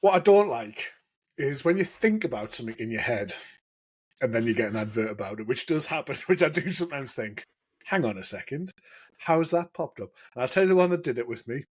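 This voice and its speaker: A man's voice: mid-range voice, expressive, quick pace, slightly rough. A man co-hosting a podcast, chatting casually and joking, laughing often. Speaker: podcast co-host. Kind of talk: casual chat.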